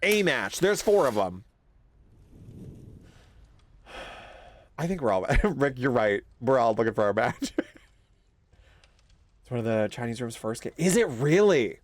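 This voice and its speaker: A young man streaming a horror game, swearing, yelping and laughing loudly whenever something startles him. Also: medium pitch, big pitch swings, unhurried, pauses often, dry recording. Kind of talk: live horror game playthrough.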